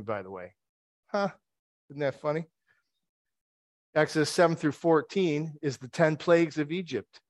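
A man's voice: on the high side, no room sound. A man preaching a conversational sermon. He retells the story with wry asides and rhetorical questions.

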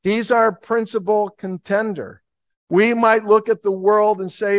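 A man, preaching a lively, humorous sermon with an emphatic delivery. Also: sits high, normal speed, dry recording. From New Jersey, USA. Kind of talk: sermon with storytelling.

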